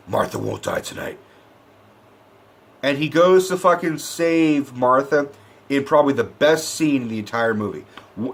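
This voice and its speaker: A man tearing into a film in a sarcastic, swear-heavy rant. His voice sits at an ordinary middle pitch. He sounds wound up as he works through his complaints. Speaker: movie reviewer. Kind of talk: profane movie review rant.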